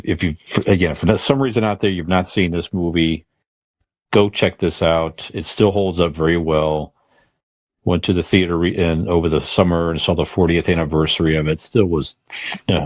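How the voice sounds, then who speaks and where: A middle-aged man co-hosting a podcast in a rambling, halting way, full of restarts. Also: deep voice, dry recording. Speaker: podcast co-host. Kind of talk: casual podcast chat.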